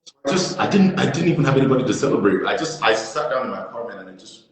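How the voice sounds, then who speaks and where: An actor in his thirties, a guest in an interview, tells a story rapid-fire in a medium-pitched voice, animatedly acting out the voices of the other people in it. It's captured on a phone or laptop during a live stream, and the sound is very echoey with long reverb.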